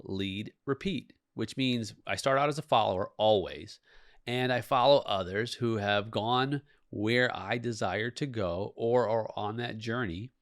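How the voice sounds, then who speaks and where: A middle-aged leadership coach hosts a podcast, giving a motivational talk in an earnest, mid-range, creaky voice. He often repeats words for emphasis, and the studio-quality recording is dry.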